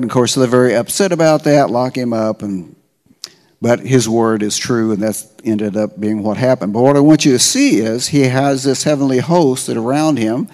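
A man's voice: mid-range voice, mellow. A middle-aged man preaching as a pastor, retelling a story in casual, slangy words and often checking in with "okay?". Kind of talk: conversational sermon storytelling. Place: church sanctuary. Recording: long church-hall reverb.

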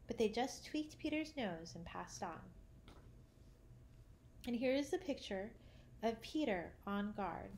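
A woman narrating a children's classic, reading gently and lifting her voice for the characters' lines. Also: a little high, lively intonation, slow pace, pauses often, slight background noise. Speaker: audiobook narrator. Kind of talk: storybook reading.

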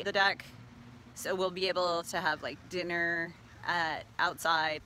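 A woman vlogger chats straight to the camera, laughing her way through a funny family story. Her voice is bright with a sharp edge and sits at an ordinary pitch. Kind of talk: casual chat to camera.

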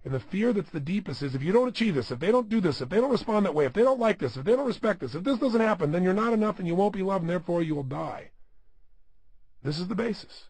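A man's voice: high-pitched, animated, fast, a little mellow, slightly rough, dry recording. A middle-aged man giving an emphatic self-help audio talk as a motivational speaker, firing rhetorical questions at the listener.

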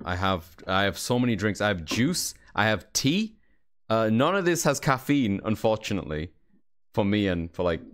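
A man streaming a game, chatting casually with viewers in a rambling, jokey, self-deprecating way. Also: low voice. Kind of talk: casual livestream chat.

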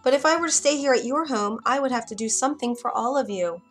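Brief: woman doing a kind, polite young princess, light and high. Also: fast talker, faint music behind. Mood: sweet. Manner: bright, gentle, polite. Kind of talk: storybook narration.

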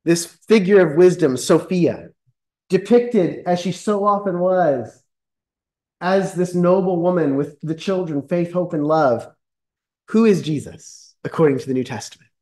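Male pastor, higher-pitched voice, sermon delivery that reads scripture and then presses each point home by repeating it. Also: measured pace, dark tone, rough recording. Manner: reads scripture aloud, then expounds with emphatic repetition.

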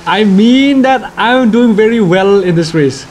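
Excitable high-voiced Indian man. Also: a little slow, slight background noise. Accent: Indian English. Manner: excitable, playful, jokey, bursts of shouting. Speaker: gaming YouTuber. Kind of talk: let's-play racing commentary.

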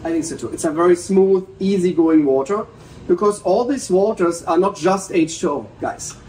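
German-accented male host, 40s, high and bright, upbeat explainer; echoey room, off-mic. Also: moderate pace, distant mic, a little hiss or hum. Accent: northern German. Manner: playful, explains with enthusiasm. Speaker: water sommelier host. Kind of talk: casual tasting chat.

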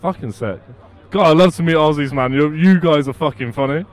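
A young man with a fairly high voice hosts a chat at a rave. He jokes and banters loudly with guests and swears freely. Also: a little fast, faint music behind. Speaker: podcast host. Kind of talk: casual chat. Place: outdoors at a rave.

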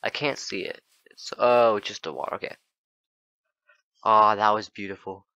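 A young man giving casual gameplay commentary, excitable and talking straight to his viewers. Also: on the low side, moderate pace, gravelly, clear, resonant tone, dry recording. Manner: excitable, talks to viewers as "guys", frequent "oh my gosh" and "oh boy". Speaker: gaming YouTuber.

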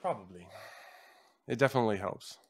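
A man's voice: fairly low pitch, fairly quick, a little mellow, breathy edge. A man co-hosting a podcast, chatting casually and joking as he rambles through a reality show. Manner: joking, rambling, slips into mock voices. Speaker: podcast co-host. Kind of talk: casual comedic chat.

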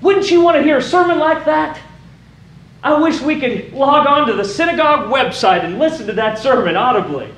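Male pastor, sermon delivery, high voice, lively, recorded in a roomy church. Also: moderate pace. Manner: animated, rises to shouting for emphasis. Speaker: preacher. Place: church sanctuary.

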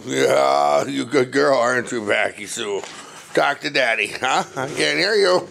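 A man's voice: medium pitch, a little slow, creaky, fairly bright tone, a little hiss or hum. A man talking to his pet dog in a coaxing, doting, sing-song way. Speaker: dog owner.

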